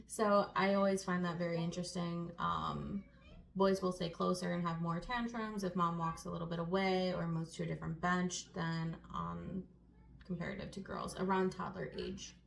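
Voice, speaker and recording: A woman's voice: lowish voice, fairly even intonation, normal speed, creaky, a little hiss or hum. A young woman in her twenties co-hosting a casual sit-down chat, talking freely with many fillers and laughs. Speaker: co-host.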